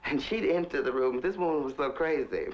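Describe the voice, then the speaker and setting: A man's voice: mid-range voice, moderate pace. A man telling candid stories to the camera in a camp, flamboyant way, laughing often as he talks. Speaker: interviewee telling life stories. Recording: dull 1960s film recording.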